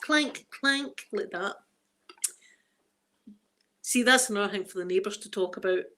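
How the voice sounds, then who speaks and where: A woman's voice: medium pitch, a bit bright. Chatty Scottish woman, rambling livestream host. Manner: rambling, storytelling, quick to laugh. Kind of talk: casual livestream chat.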